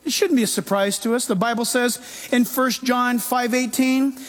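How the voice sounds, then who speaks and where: A man pastor preaching a sermon in an animated way, acting out quoted voices. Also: very high voice, moderate pace.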